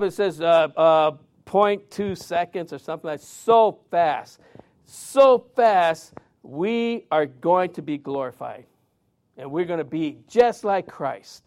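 A man's voice: sits high, a little mellow. A man preaching a sermon in a loose, conversational storytelling way, full of fillers and restarts. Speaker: pastor.

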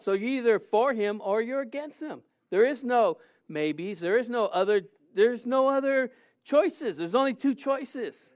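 A man preaching a sermon, animated and conversational, often acting out quotes in a raised voice. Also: very high-pitched, measured pace. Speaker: pastor. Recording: dull lo-fi sound.

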